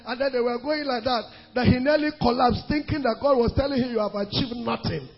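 A male preacher with a very high, husky voice delivers a sermon emphatically, drawing out scripture quotes and building into shouts. He speaks fairly quickly with hardly any pauses over faint music, and the dull, lo-fi recording has a long hall reverb trailing each phrase.

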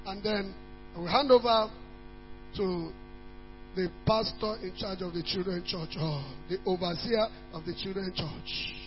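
A man's voice: high-pitched, steady tone, unhurried. A man preaching a sermon as pastor, emphatic and repetitive, stressing words and reading scripture aloud. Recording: dull lo-fi church recording in a reverberant hall with faint music and hum.

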